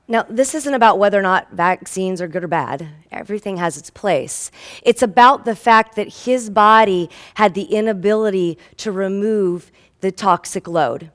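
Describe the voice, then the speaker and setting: A woman at a middle pitch gives an earnest, emotional inspirational talk as a health practitioner. She tells patient stories with lively acted-out dialogue. She builds toward stirring calls to action. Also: moderate pace.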